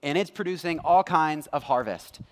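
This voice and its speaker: A male pastor preaching in a lively, conversational way, with a fairly high voice. Long reverb from a church hall trails each phrase. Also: moderate pace. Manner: animated, conversational, acts out quotes. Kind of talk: sermon.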